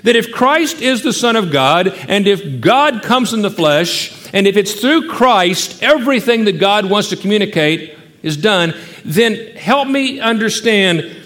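Emphatic high-voiced male preacher. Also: lively intonation, measured pace, big-room sound. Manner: emphatic preaching, swinging from loud rhetorical questions to hushed, quiet stretches. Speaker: pastor. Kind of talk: sermon.

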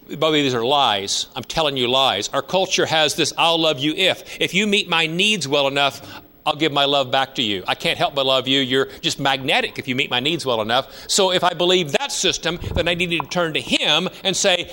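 A man in his fifties delivers a sermon with a bright, forceful tone. He speaks in a slightly high register and tells his stories conversationally, lifting his voice for emphasis. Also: brisk. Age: 50s. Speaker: pastor.

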